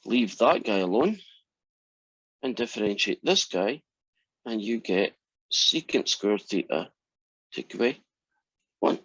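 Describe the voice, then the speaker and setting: A man's voice: lowish voice, expressive, takes it slowly, pauses often, a bit bright, slightly rough, no room sound. A man teaching a calculus class, talking through derivatives with wry, teasing asides. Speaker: math instructor. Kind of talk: classroom lecture. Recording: dry, muffled classroom recording.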